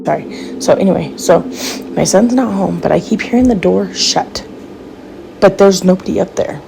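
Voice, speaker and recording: A woman's voice: medium pitch, moderate pace, gravelly, background noise. A middle-aged mother filming inside her house on a phone, scared and teary, talking in a panicky rush and repeating herself. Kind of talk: amateur home video. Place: house, indoors, upstairs hallway and rooms. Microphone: handheld phone camera.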